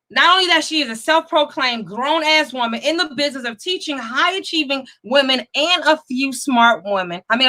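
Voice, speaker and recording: High bright-voiced energetic woman host. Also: rough recording. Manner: energetic, chatty, greets viewers by name. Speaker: host of a live money talk show. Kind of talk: live-stream show talk.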